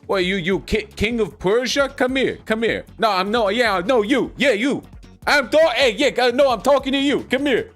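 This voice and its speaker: A man's voice: very high-pitched, moderate pace, a bit bright, faint music behind, pitched above the performer's own voice. A man doing a pushy Roman emperor with a Jersey accent. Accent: New Jersey (put on). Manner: pushy, calling someone over.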